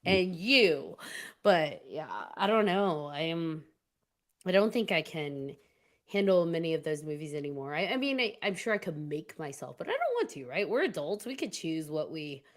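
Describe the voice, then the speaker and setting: A woman's voice: low voice, very animated, moderate pace. A woman hosting a podcast in casual chat, talking in a rambling way with frequent laughs. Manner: chatty, laughs often, rambling restarts. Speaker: podcast host.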